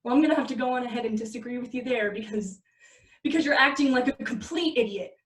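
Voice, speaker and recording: A woman's voice: fairly high pitch, fast talker, lightly acted. A woman reading the part of a tired, frustrated girlfriend driving at night, firm and scolding, in a table read of a film script. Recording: echoey room, far from the mic.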